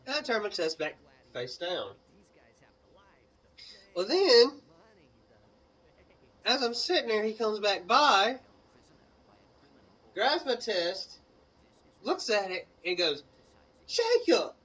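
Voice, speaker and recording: Playing a video game, a young gaming channel co-host from Mississippi rambles through a casual story in his Southern accent, stuffing it with fillers and asides to the game. He sits high and sounds sing-song, bright and forceful, speaking slowly with many pauses. The mic is distant and the audio dull.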